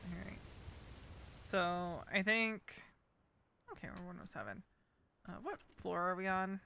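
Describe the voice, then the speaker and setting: With game sounds and vehicle noise in the background, a New Jersey woman chats casually while streaming a game, rambling and saying um a lot. Her voice is on the low side, creaky with a sharp tone, and she speaks a little slowly.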